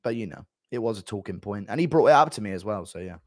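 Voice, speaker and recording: A man streaming live and reading chat messages aloud, crude and deadpan with mumbled asides. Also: on the low side, quick pace, no room sound, clean studio sound.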